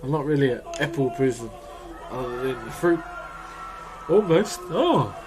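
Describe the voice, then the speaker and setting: A man's voice: medium pitch, lively intonation, measured pace, music in the background, poor audio. A young adult man with a New Zealand accent, chatting casually and laughing with his live-stream chat while he works on a woodcarving. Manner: laid-back, chuckling, friendly "bro" talk.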